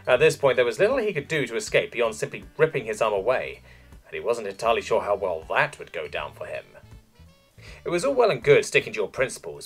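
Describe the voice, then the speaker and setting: A man narrating a science fiction story in an expressive storytelling way. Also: medium pitch, husky. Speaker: audiobook narrator.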